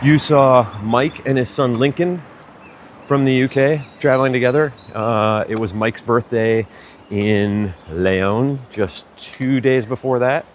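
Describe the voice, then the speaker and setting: A man's voice: mid-range voice, slow, a little hiss or hum. A man vlogging as he walks, telling a chatty, rambling story and correcting himself along the way. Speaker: vlogger walking a pilgrimage route. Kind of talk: casual storytelling to camera.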